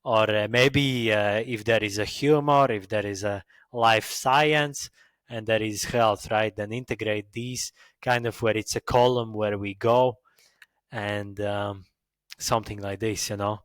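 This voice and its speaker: A man from Latvia with a Latvian accent, hosting a podcast in a halting, self-mocking casual monologue full of fillers. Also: lowish voice, fairly even intonation, fairly bright tone, clean tone, no room sound. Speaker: podcast host.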